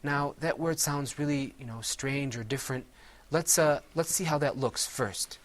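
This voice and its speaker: Teaching a class on Quran recitation, this man patiently tests his pupils and goes over words slowly alongside them. He speaks in a mid-range voice.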